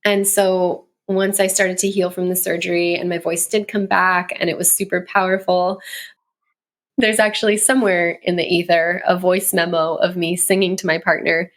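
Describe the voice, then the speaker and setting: A woman in her thirties, a guest on an interview show, telling stories in a chatty way and laughing often. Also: lowish voice. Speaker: guest, communication coach and musician. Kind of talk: casual interview chat.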